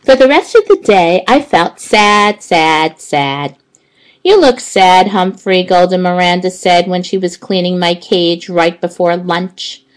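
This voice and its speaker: A woman narrating a children's audiobook in an expressive, unhurried storytelling manner. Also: lowish voice, poor audio.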